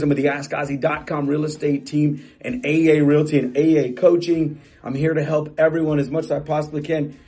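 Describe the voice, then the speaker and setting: A man's voice: a little high, darkish tone, slightly rough. A middle-aged man coaching real estate agents in a motivational talk, emphatic and repetitive, often restarting phrases.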